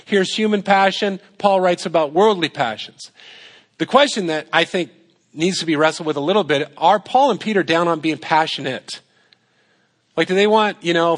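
A man's voice: fairly high pitch, a bit bright. A man preaching a sermon in a conversational way, asking rhetorical questions and repeating his points for emphasis. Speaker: pastor.

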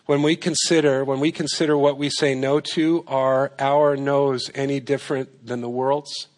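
A man's voice: medium pitch, flat delivery, normal speed. A man preaching a sermon in a conversational way, asking rhetorical questions and repeating his points for emphasis. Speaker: pastor.

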